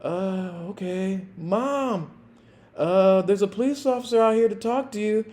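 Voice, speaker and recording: A man's voice: sits high, a little slow, a little mellow, voice pushed up. A man voicing a nervous teenage boy who stammers and hesitates when a police officer comes to the door.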